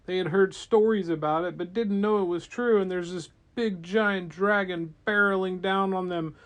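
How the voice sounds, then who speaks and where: A man, a parent, telling an improvised bedtime story to a child in a gentle, playful way. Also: sits high, steady tone, moderate pace.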